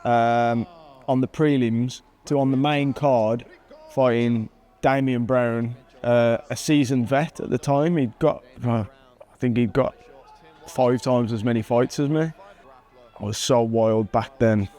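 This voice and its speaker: A man in his thirties talks over fight footage in a relaxed, casual way. His voice sits at a middling pitch with a warm, mellow tone. He chuckles at himself often and breaks into excited bursts at the big moments. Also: slow. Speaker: MMA fighter and channel host.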